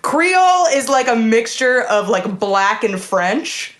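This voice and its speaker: A woman co-hosting a casual chat podcast from home, talking in an animated, chatty way with frequent laughter and sitting a little far from her mic. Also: fairly high pitch, slow. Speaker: podcast co-host. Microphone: home setup, set up far from the mic.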